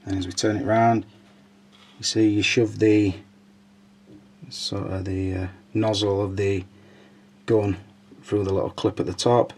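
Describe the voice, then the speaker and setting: A man's voice: lowish voice, level tone, a little slow, pauses often, a little mellow. Chatty man reviewing a toy. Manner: chatty, informal, hesitant with fillers. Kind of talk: casual product walkthrough.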